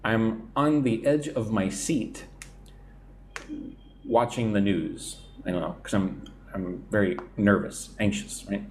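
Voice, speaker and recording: A man's voice: lowish voice, steady tone, takes it slowly, darkish tone, a little hiss or hum. A man teaching English idioms on a live stream, reading out viewer comments and checking in with "right?" as he explains.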